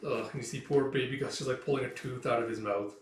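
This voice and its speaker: A man's voice: mid-range voice, fairly even intonation, quick pace, echoey room, recorded from a distance. A man casually recapping a comic book page by page, rambling with lots of filler words. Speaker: comic reviewer. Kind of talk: casual comic read-through commentary.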